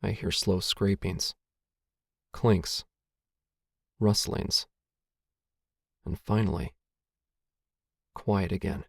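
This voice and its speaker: A man's voice: sits low, fairly even intonation, very slow, gravelly, pauses often, dry recording. A man reading a first-person short story aloud, with a dry, wry, self-mocking tone. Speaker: narrator.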